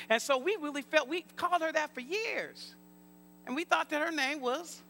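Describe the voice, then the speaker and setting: Pastor, male, very high bright gravelly voice, call-and-response preaching, faint hum behind. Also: wildly swooping pitch, moderate pace. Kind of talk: sermon.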